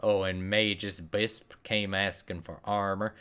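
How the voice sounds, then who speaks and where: A man's voice: on the low side, little pitch movement, measured pace, sharp tone, clean tone, voice pushed down. A man doing an easygoing blacksmith. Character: helpful male blacksmith shopkeeper.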